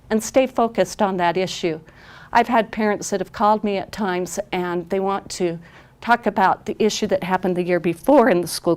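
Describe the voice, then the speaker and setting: A woman's voice: mid-range voice, darkish tone. A woman parent consultant giving an advocacy training presentation on camera. She talks earnestly and emphatically and often repeats phrases for stress. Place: recorded on camera.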